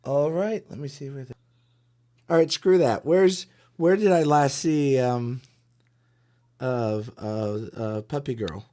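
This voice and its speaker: A man playing a tabletop game, speaking haltingly with fillers and restarts. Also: mid-range voice, dark tone. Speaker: player.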